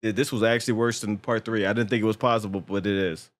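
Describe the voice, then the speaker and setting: A man's voice: lowish voice, steady tone, fast talker. A man co-hosting a casual movie reaction, ranting bluntly with heavy swearing.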